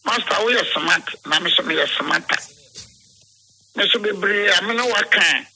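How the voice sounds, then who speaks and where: A man's voice: high voice, moderate pace, pushed and bright, husky, rough recording. A man with a Ghanaian accent being interviewed, telling a rambling story, switching between English and Twi and acting out the dialogue he quotes.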